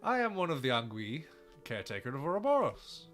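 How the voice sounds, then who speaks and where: Smug theatrical male villain, bright and lively, put on by a man, over soft game music. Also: mid-range voice, a little fast. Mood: grand. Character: scheming villainous male scholar, smug and grand.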